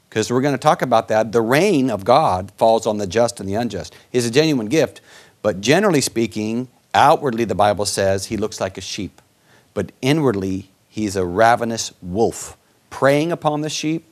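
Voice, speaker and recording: A man teaching from the Bible in conversation with a co-host, often asking him rhetorical questions. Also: medium pitch. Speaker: preacher co-hosting a Bible discussion.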